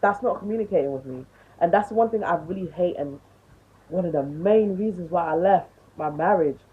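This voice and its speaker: A woman's voice: on the low side, slightly rough. A woman in her twenties ranting bluntly to camera, swearing and lecturing, on tinny phone-like audio. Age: 20s. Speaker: vlogger.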